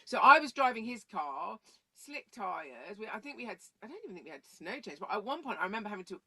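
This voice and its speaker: A woman tells stories in a rambling, casual way, drifting off on tangents. Her voice is bright and clear, and she jumps into much higher pitches when she acts out what others said. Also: sing-song, quick pace. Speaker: guest. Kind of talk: casual storytelling.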